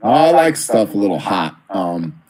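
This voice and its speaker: A man's voice: fairly low pitch, big pitch swings, unhurried, crowd noise. A man co-hosting a casual live stream, telling stories in an easygoing way. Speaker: co-host of a toy live stream.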